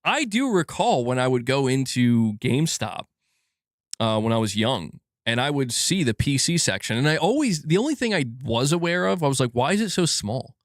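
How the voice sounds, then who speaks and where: A man's voice: medium pitch, sing-song, moderate pace, no room sound, clean studio sound. A man in his thirties hosting a gaming channel, ranting casually with frustration, swearing and stumbling over restarts. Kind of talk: casual livestream rant.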